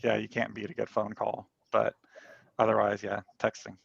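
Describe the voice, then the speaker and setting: A man's voice: lowish voice, completely flat delivery, moderate pace, vocal fry, dull audio. A man, a webinar guest, giving short, plain answers on a video call. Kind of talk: casual interview answers.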